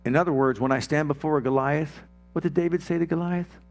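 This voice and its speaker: Emphatic preaching man, slightly high. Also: quick pace. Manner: emphatic, repetitive declarations. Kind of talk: sermon.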